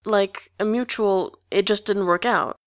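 A woman's voice: mid-range voice, steady tone, measured pace, no echo, clean studio sound, close to an everyday voice. A woman voicing an earnest, slightly puzzled teenage boy.

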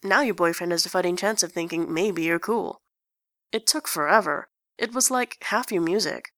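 A woman's voice: fairly low pitch, moderate pace, fairly bright tone, no echo, clean studio sound, lightly acted. A woman doing a cocky swearing teen boy. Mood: cheeky. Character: brash cheeky teenage boy.

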